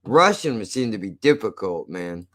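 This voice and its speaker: A man's voice: on the low side, big pitch swings, normal speed, fairly bright tone. A man chatting casually on a live stream. He jokes, swears a lot and laughs often. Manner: profane, joking, laughs often.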